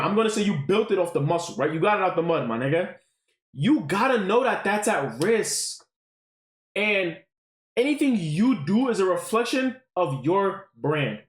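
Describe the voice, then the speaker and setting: A high-pitched man gives animated commentary to his stream chat. His voice swings up and down, and he keeps tossing in "right?" and curses. A roomy echo hangs around him. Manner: animated, keeps checking in with 'right?', swears freely.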